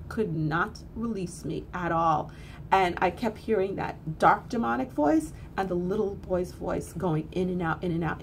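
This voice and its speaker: A woman's voice: mid-range voice, a little hiss or hum. A woman telling a story in a casual, blunt, earthy way, swearing freely and repeating phrases for emphasis. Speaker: spiritual teacher.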